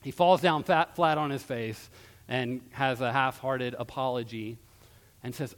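A male pastor preaching a sermon in a church, retelling a story in a conversational way with a quiet close. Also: medium pitch, steady tone, a little slow. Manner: conversational storytelling, dropping softer at ends of phrases. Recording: long hall reverb.

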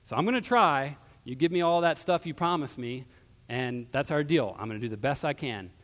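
A man's voice: mid-range voice, animated, a little fast, lightly acted. A man voicing a greedy, evasive male fortune teller in a casual, wheedling tone. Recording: long hall reverb.

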